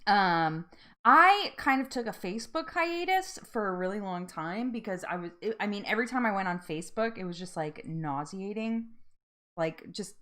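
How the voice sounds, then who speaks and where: A woman's voice: medium pitch, expressive, normal speed, bright, forceful tone. A woman hosting a live-stream chat, bubbly and effusive, laughing often and getting emotional. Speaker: livestream host.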